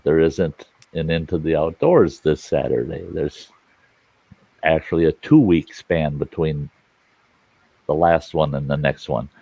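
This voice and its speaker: A man with a low voice hosts a casual live chat and tells bawdy jokes. The sound is dry and a little dull, like lo-fi stream audio. He chuckles at his own punchlines. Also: warm tone, no echo.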